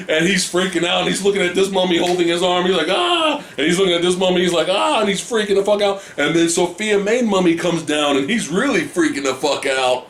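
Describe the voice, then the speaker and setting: A man's voice: high-pitched, a little fast, a bit bright. A man hosting a podcast, chatting casually about a film, swearing, laughing and acting out scenes. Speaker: podcast host. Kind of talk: casual film review chat. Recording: echoey room, faint noise.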